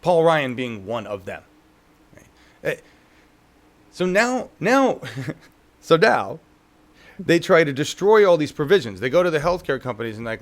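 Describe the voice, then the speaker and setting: A man's voice: a little high, very animated, measured pace, pauses often. A man co-hosting a casual political talk show, profane and mocking, often acting out the people he talks about. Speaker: co-host.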